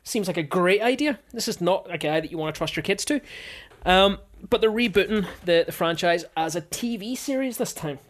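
A woman's voice: fairly low pitch, animated, a little fast. Woman podcast host, chatty, laughing storyteller, casual sports talk. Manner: chatty, laughs often while telling stories.

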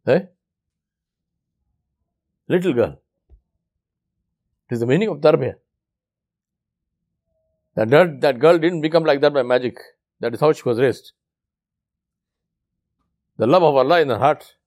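A man preaching in a storytelling sermon, acting out the voices of the people in his story and dropping low for the lesson. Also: a little slow, long pauses, a little mellow.

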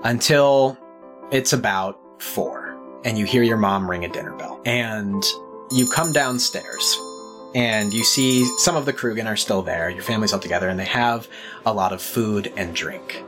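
A woman narrating as game master in a tabletop game, in a relaxed, drawn-out way. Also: a bass voice. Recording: faint music behind.

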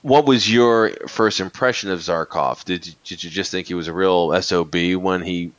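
A man hosting a casual movie podcast, rambling and halting, with many fillers and restarts. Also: low-pitched, no echo, muffled recording. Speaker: podcast host.

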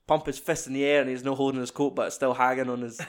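A man's voice: mid-range voice, flat delivery, fast talker, a little hiss or hum. A young man chatting casually about a film, rambling and swearing as he retells scenes. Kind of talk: casual film review chat.

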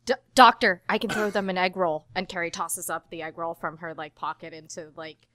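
A woman playing in a tabletop game, making playful quick quips. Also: on the low side, fairly even intonation, fairly bright tone, dry recording. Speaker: player.

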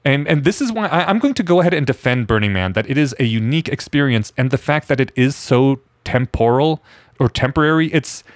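A man's voice: medium pitch, lively intonation, a little fast, no echo, studio quality. A man co-hosting a casual podcast conversation, talking in a chatty, enthusiastic way. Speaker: podcast co-host.

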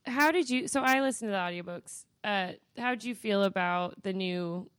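A woman's voice: medium pitch, moderate pace, fairly bright tone, dry recording. Woman co-host, easygoing chatter, some hesitant fillers, dry close sound. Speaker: podcast co-host. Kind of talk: casual book chat.

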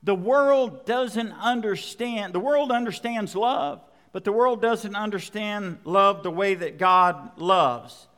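High-voiced preacher in a reverberant hall. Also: male voice, takes it slowly, hardly any pauses, a bit bright. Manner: reads scripture aloud, then preaches with emphatic repetition. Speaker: pastor. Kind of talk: sermon.

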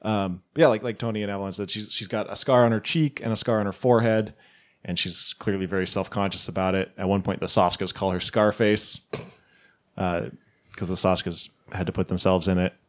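Male podcast panelist, low voice, loose filler-heavy storytelling. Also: steady tone, brisk. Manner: rambling, filler-heavy, laughs often. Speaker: podcast panelist recapping a film. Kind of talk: casual podcast chat.

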